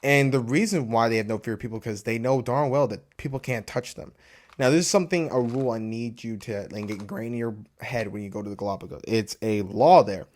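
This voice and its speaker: A man's voice: medium pitch, brisk, a little mellow. A young man chatting loosely to camera in a casual travel vlog, full of filler words. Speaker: vlogger.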